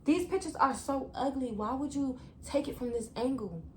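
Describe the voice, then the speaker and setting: A woman's voice: high voice, lively intonation, moderate pace, background noise, voice pushed up. A woman mimicking a vain, demanding girlfriend. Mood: indignant. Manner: whiny, indignant.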